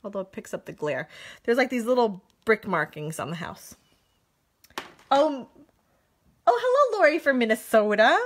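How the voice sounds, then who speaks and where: A woman's voice: on the high side, big pitch swings, normal speed, pauses often, a little hiss or hum. A woman in her thirties demonstrating card making on a live stream, chatting and laughing as she answers viewer comments.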